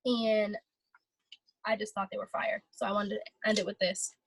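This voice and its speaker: A young woman talking casually and excitedly on a motivational vlog, full of fillers. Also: medium pitch, moderate pace, no room sound, rough recording. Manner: chatty, filler-heavy, excitable. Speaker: vlogger.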